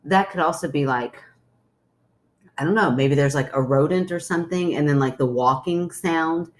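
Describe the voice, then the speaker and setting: A woman's voice: sits low, moderate pace. A young woman co-hosting a podcast, chatting casually as the skeptic, hesitant and joking with lots of fillers. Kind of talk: casual chat.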